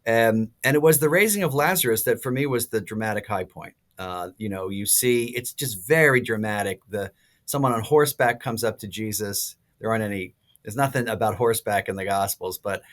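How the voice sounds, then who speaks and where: A priest in his sixties, a podcast guest, telling stories in a lively way with many fillers and restarts. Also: fairly low pitch, fairly quick. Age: 60s. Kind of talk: casual podcast interview.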